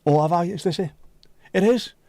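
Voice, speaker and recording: A man hosting a livestream, chatting casually with viewers and cracking sweary jokes and quick asides. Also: sits high, mellow, dry recording. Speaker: livestream host. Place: home livestream setup.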